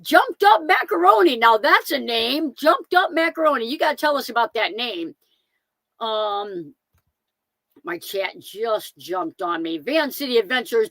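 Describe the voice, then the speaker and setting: A woman's voice: on the high side, a bit bright, no echo. A middle-aged woman hosting a live stream, chatting casually and greeting viewers one by one by name, often saying things twice. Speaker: van life channel host.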